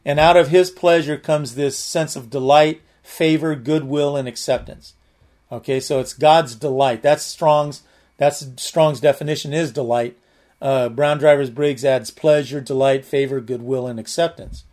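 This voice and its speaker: A man's voice: mid-range voice, fairly even intonation, unhurried, a little mellow. A man giving a conversational Bible teaching, earnest and plain-spoken, rambling with many restarts and fillers.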